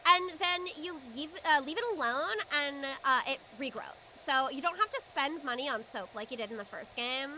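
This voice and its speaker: A young woman streaming a game, chatting casually and excitably with a friend. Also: sits high, moderate pace, few pauses, a little hiss or hum. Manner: bubbly, excitable, giggly. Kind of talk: casual gaming stream chat.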